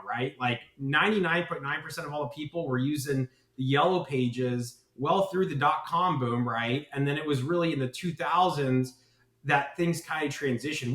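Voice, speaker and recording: A man with a slightly higher voice talks at length as a podcast guest. His delivery is eager and runs on, full of asides, and he keeps checking in with "right?". The sound carries a noticeable room echo. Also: bright, forceful tone. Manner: enthusiastic, rambling, with many "right?" tags. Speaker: guest, marketing agency founder. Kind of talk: podcast interview.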